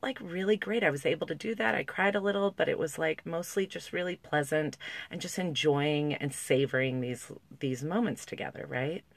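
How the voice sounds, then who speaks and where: A woman's voice: on the low side, fairly bright tone, no room sound. A woman talking candidly to camera, emotional and close to tears, with lots of likes and restarts. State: on the verge of tears. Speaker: parenting vlogger. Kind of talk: casual talk to camera.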